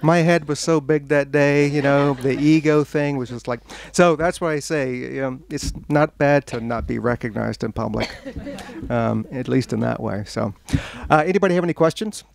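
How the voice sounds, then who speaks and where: A man giving an author talk at a bookstore, telling a lively anecdote to an audience and laughing along with it. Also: mid-range voice, moderate pace, gravelly. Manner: animated anecdote-telling, laughing at his own story. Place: bookstore event room.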